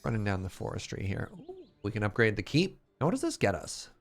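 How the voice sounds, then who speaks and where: A man's voice: lowish voice, huge pitch swings, fast, soft background music. A Canadian man chatting casually and joking around while streaming a game. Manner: playful, joking, exclamatory. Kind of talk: casual gameplay chat.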